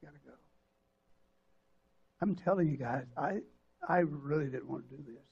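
An older man, preaching a sermon as pastor and telling a personal story in an emotional, halting way with many restarts. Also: on the high side, creaky, a little mellow, dull audio, slight background noise. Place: church sanctuary.

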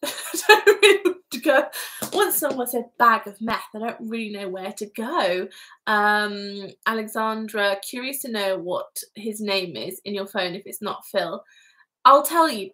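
A woman's voice: mid-range voice, a bit bright, rough recording. A woman hosting a live craft vlog, chatting casually and giggling as she reads out viewer comments. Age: adult parent. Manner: chatty and giggly, rambling asides.

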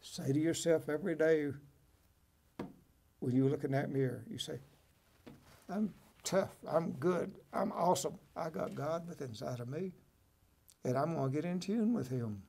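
A man's voice: a little high, moderate pace, vocal fry, pauses often, dark tone, slight background noise. Preachy, encouraging man hosting a talk show. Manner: preachy, encouraging, folksy asides like "right?" and "okay?". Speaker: host. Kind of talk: motivational talk show, reading from a book and commenting.

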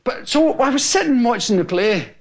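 A man's voice: very high voice, lively intonation, moderate pace. A Scottish man in his forties, a stand-up comedian telling stories to a live audience and laughing as he acts out the scenes. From Scotland. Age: 40s. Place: TV studio with an audience. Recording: noisy old TV recording.

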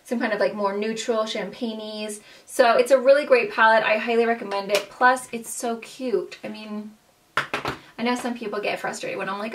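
A woman's voice: a little high, fairly even intonation, normal speed, fairly bright tone, far from the mic, slight background noise. A young woman chatting about her favorite beauty products in a bubbly, gushing way, full of fillers. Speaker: beauty vlogger. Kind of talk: casual monthly favorites chat.

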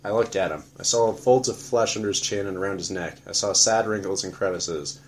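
A man narrating an audiobook in a flat, matter-of-fact first-person telling. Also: sits low, brisk, a little hiss or hum.

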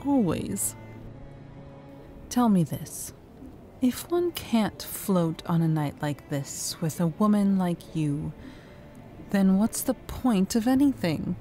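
A woman's voice: medium pitch, animated, slow, pauses often, mellow, soft background music. A woman playing a tipsy florid professor. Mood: tipsy flirting. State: drunk. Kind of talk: audio drama acting.

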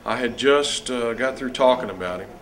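A man's voice: mid-range voice, normal speed, a bit bright, a little hiss or hum. A man from Missouri being interviewed, who recalls a story in vivid detail.

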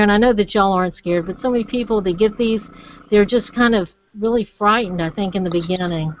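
A woman's voice: mid-range voice, a little fast, lo-fi sound. Encouraging woman demonstrating crafts. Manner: encouraging, chatty, addresses viewers as y'all. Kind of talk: live online craft demonstration.

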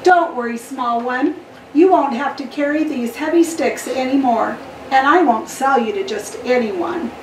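A woman's voice: high voice, unhurried, reverberant, distant mic, slight background noise, rough recording. An earnest young boy, as a woman reads him. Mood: tender.

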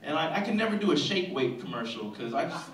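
A young man from Texas doing an animated stand-up comedy set, bursting loud when he acts out characters. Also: a little high, quick pace, a little hiss or hum. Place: comedy club stage. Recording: roomy club sound, mic at a distance, loud crowd.

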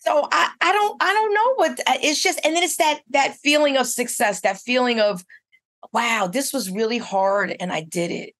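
A woman's voice: high voice, normal speed, fairly bright tone. A middle-aged woman who owns a spa, telling her story in a casual interview with eager, rambling restarts. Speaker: spa owner and esthetician.

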